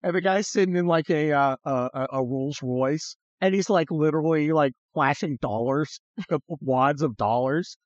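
A fairly high-pitched podcast host talks at normal speed with few pauses, bluntly and sarcastically covering politics. He swears occasionally and slips into mocking voices, and the dry recording has its highs cut off.

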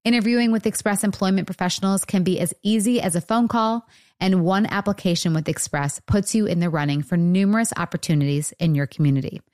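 A woman reading scripted ads in an upbeat, smooth voice, rushing through the disclaimers. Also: lowish voice, no room sound, clean studio sound. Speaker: ad announcer. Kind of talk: scripted ad read.

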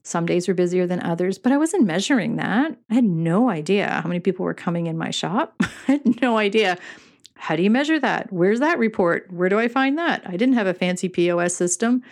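Talking a little fast with lively intonation, this fairly low-pitched woman hosts a podcast on retail. She's middle-aged, works as a retail business coach, and delivers a chatty, earnest monologue about running a shop, laughing frequently and dropping in many fillers.

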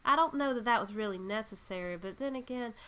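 Woman doing a smug scheming necromancer lady, kinda high and bright, mocking tone. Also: quick pace, clear, resonant tone, close to an everyday voice.

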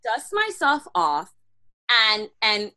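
A woman guest telling a personal story in animated, slangy conversation, acting out her own inner dialogue. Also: on the high side, slow. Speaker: podcast guest.

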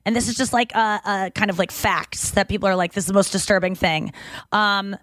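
A woman's voice: mid-range voice, steady tone, fairly quick, fairly bright tone, no room sound. A woman hosting a podcast in casual chat, swearing freely and acting out the people in her stories. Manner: swears freely, tells stories with acted-out quotes. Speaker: podcast host. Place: makeshift home studio.

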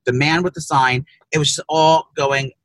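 A man's voice: a little high, steady tone, moderate pace, a bit bright, no room sound, rough recording. A man co-hosting a podcast in casual chat, telling a rambling, profane story full of restarts. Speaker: podcast co-host. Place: car.

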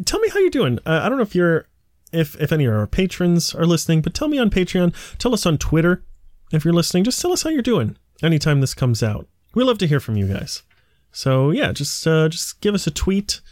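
A man's voice: fairly high pitch, darkish tone, no room sound, clean studio sound. A man co-hosting a podcast, telling jokey, profane stories in a sarcastic way. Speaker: podcast co-host. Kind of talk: comedic podcast chat and storytelling. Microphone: computer mic on a call.

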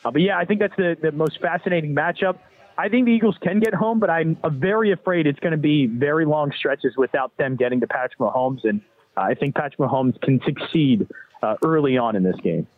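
A man's voice: a little high, fairly quick, dry recording. A man with a Philadelphia accent breaking down a football matchup as a guest analyst, thinking aloud with some filler words. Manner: thoughtful, hedging with filler words. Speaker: radio show host as guest. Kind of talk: sports betting analysis. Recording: dry tinny phone line.

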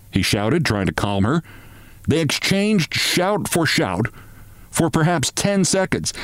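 A man's voice: big pitch swings, takes it slowly, dry recording. A middle-aged male podcast host reading a story aloud in a studio, with dramatic swings in his delivery. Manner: vivid storyteller, swings his pitch for shouted quotes. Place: broadcast studio.

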